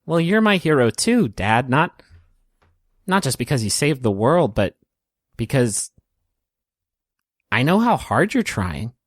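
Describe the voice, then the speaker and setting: A man voicing a gentle, earnest young girl who speaks softly and sincerely. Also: medium pitch, big pitch swings, slow, pauses often, no echo, clean studio sound. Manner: soft and sincere.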